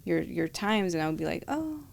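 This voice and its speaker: A woman's voice: on the low side, sing-song, brisk, gravelly, darkish tone. A woman who is a podcast guest in casual chat, telling stories and acting out quoted dialogue.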